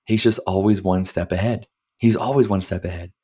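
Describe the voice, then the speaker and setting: Guy with a deep mellow voice, rambly swears a lot, laid back podcast recap. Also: steady tone, brisk, slightly rough. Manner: rambling, profane, laughs often. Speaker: podcast host. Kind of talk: casual film recap.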